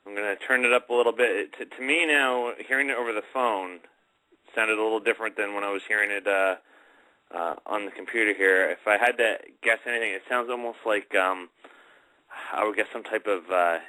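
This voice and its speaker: A male radio host with a low, deep voice and a bright, forceful edge. He talks casually and directly to his listeners in a live-show manner. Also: fairly even intonation, fairly quick, low-quality recording.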